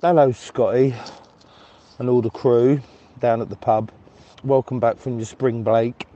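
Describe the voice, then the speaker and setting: A man's voice: mid-range voice, steady tone, unhurried, muffled recording, noisy background. A man recording a chatty, sweary voice note outdoors while walking his dog. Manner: chatty, laughing at his own story, sweary. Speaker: listener sending a voice note. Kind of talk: casual voice note.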